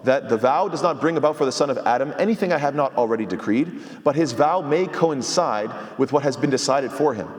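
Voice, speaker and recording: A man's voice: medium pitch, animated, brisk, long reverb tail. A man, an imam, giving a sermon-style commentary on scripture, explaining step by step, quoting Arabic and asking rhetorical questions.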